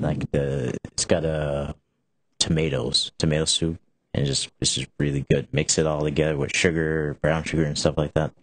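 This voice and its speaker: Very deep-voiced young man hosting. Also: no room sound. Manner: rambling, with many restarts and filler "like". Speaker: show host. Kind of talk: casual rambling talk show.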